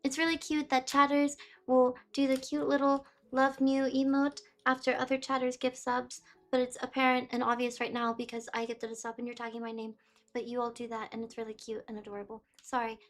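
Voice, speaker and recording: A woman's voice: sits high, level tone, fairly quick. A woman livestreaming, chatting casually with her viewers, reading chat aloud and drifting off track. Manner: chatty, reads chat aloud, easily distracted. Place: warm room indoors with big windows.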